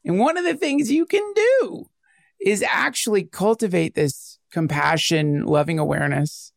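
Male podcast host, gravelly, slightly high register, rambling and animated. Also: measured pace, dry recording, studio quality. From United States. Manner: rambling, animated, self-interrupting. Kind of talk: casual conversation.

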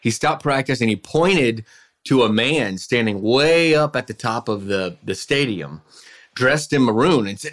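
A man's voice: mid-range voice, measured pace. Chatty man telling sports stories. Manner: animated anecdote-telling with frequent restarts. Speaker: sports reporter. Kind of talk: casual storytelling on a podcast.

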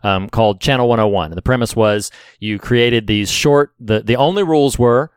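A man co-hosting a podcast in casual chat, measured and pausing often with "uh". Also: mid-range voice, clean tone, no echo. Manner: measured, with many "uh" pauses. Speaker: podcast co-host.

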